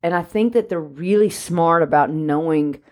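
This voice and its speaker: A woman who trains dogs, talking casually on a podcast and explaining her ideas through steady, talkative examples. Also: sits low, normal speed. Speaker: dog trainer.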